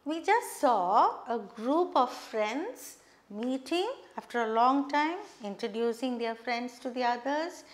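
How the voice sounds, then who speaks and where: A woman teaching a patient, slow lesson, explaining intonation. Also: fairly high pitch, expressive. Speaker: English teacher. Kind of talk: slow classroom lesson reading dialogue aloud.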